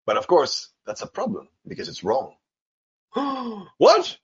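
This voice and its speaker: A man's voice: a little high, huge pitch swings, measured pace, breathy edge. A man teaching an English lesson in a casual, playful way, acting out little dialogues with exaggerated voices. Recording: slightly dull, lo-fi sound.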